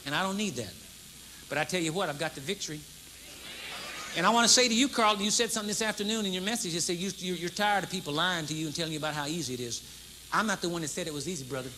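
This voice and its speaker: A man in his fifties preaching a sermon to a live congregation, emphatic and repetitive, moving between loud proclamation and low intense talk. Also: racing, a little hiss or hum. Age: 50s. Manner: emphatic, repeats key phrases for effect. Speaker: pastor. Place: large church service with congregation responding.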